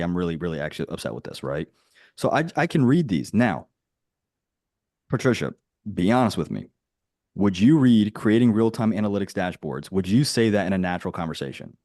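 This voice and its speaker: Low-voiced guy coaching people, direct, dry humor, kinda dull delivery, dead dry sound. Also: darkish tone, dry recording. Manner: rambling, with many restarts and "right?" tags. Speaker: business coach. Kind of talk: casual teaching on a group call.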